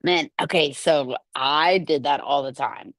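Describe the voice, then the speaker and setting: A middle-aged woman chatting in an animated way, laughing often and acting out quotes in a somewhat low voice. The recording is dry and close, with no room sound. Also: measured pace, no room sound. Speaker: podcast guest. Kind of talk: casual storytelling chat.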